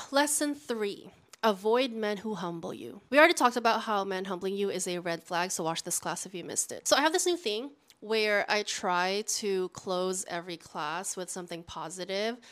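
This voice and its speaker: A woman's voice: medium pitch, fairly bright tone. A woman dating-advice host giving a casual, lecture-style vlog in a sassy, direct, coaching tone.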